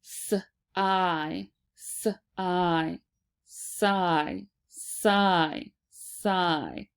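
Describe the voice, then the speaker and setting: A woman teaching a phonics lesson to children, sounding out and repeating words slowly and deliberately. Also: fairly low pitch, fairly even intonation, vocal fry, smooth.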